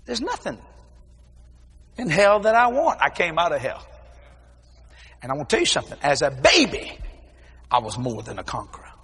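A man preaching a testimony sermon, telling stories in a folksy, informal way and breaking into shouted exclamations. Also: on the high side, moderate pace, pauses often, breathy edge. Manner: animated storytelling with shouted exclamations. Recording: long hall reverb.

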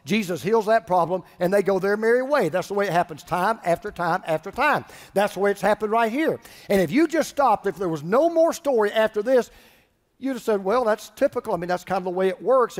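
High-voiced male pastor preaching in a hall. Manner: animated, swings from loud to hushed. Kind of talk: sermon. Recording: hall reverb.

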